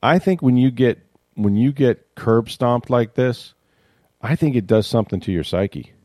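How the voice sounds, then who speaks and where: Animated man on sports talk. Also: mid-range voice, a little slow, no echo, clean studio sound. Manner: animated, acts out quotes, repeats words.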